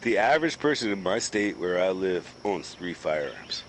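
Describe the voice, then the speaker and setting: A heated, foul-mouthed man from the East Coast rants through a casual gaming chat. His pitch swings up and down, rising high when he gets worked up. Faint crickets and insects chirp in the background. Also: big pitch swings, moderate pace, a little hiss or hum, rough recording. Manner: profane, ranting, heated.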